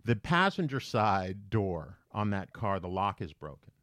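A man's voice: lowish voice, unhurried, dry recording. A man co-hosting a podcast, telling a story in casual chat and acting out the voices he quotes. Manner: animated, acts out quoted voices. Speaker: podcast co-host.

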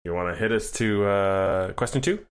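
A man's voice: fairly low pitch, moderate pace, clean tone. A man co-hosting a podcast in casual sports chat, wry and joking, with rambling asides. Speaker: podcast co-host.

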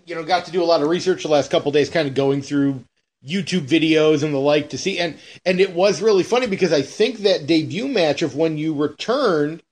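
A man hosting an interview speaks in loose, rambling sentences that restart often. His voice sits slightly high. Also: a little fast. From Florida, US. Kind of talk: conversational interview.

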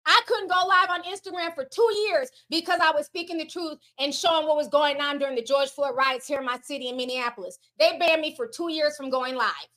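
A woman with a high, bright voice hosts a casual livestream. She reads out super chats and answers them in a sassy, animated way, swearing freely and talking straight to her viewers. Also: a little fast, few pauses.

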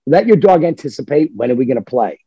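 A man's voice: medium pitch, fast, slightly rough, dry recording, dull audio. A man who trains dogs, talking in a casual, emphatic way on a podcast and sometimes acting out what a dog thinks. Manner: emphatic, animated, acts out dog voices.

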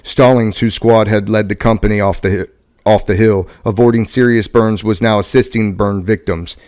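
A man hosting a podcast who reads a book passage aloud at a steady pace, now and then stumbling and correcting himself. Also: on the low side, moderate pace. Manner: steady reading with occasional stumbles and self-corrections. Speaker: podcast host.

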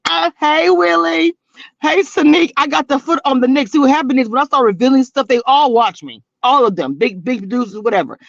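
Laughing often, a woman with a high, creaky voice runs her own live stream as a reality TV blogger, reading comments and chatting casually in a sassy, teasing, slangy style. The audio is dull, lo-fi and dry, without any echo.

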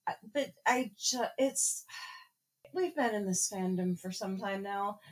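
A woman co-hosts a podcast and reacts to an audiobook in a casual, joking way. She talks quickly and with lots of energy. She often swears and lets her sentences tumble out. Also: medium pitch. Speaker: podcast co-host.

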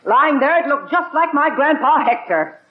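A performer playing a blunt, bossy, sharp-tongued aunt in a 1950s radio sitcom, on a dull old broadcast recording. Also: female voice, high-pitched, lively intonation, moderate pace, reverberant. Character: brash, bossy elderly aunt, heavyset and blunt.

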